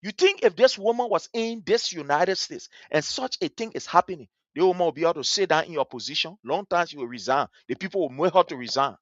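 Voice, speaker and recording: A man delivers heated livestream commentary, pressing his points by saying them again. His pitch rises and falls widely as he talks. The sound is dry and close but dull, with the muffled top end of lo-fi stream audio. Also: animated, fast, hardly any pauses, a bit bright, no room sound. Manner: indignant, repeats phrases for emphasis. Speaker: livestream host.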